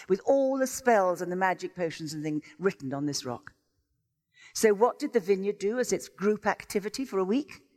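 A visiting preacher, a woman, gives an enthusiastic sermon with her pitch swooping up and down. Her exclamatory storytelling echoes through a church sanctuary with long, ringing reverb.

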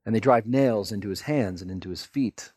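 Male pastor, lively storytelling sermon, husky tone, dry close sound. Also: lowish voice, fairly quick, no room sound. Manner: animated storytelling, acts out voices.

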